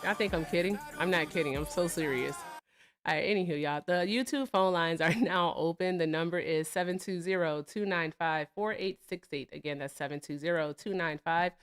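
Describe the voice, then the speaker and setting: A woman in her thirties hosting a live call-in stream, chatting casually and bluntly, swearing freely and giving viewers shout-outs. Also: lowish voice, moderate pace, clear, resonant tone, soft background music.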